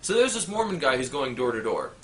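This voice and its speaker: A man rattling off dirty jokes in an animated delivery, jumping in and out of character voices. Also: mid-range voice, a little fast, a little hiss or hum. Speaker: joke teller. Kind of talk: rapid-fire dirty joke telling.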